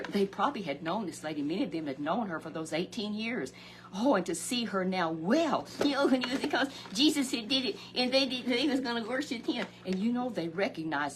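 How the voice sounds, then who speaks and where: A woman telling a Bible story for children in a homespun, chatty way, often rising into excited exclamations. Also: a little hiss or hum. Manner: animated, exclamatory, swoops high on emotional words; chatty, homespun, talks straight to the listener. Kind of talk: folksy Bible story told to a puppet.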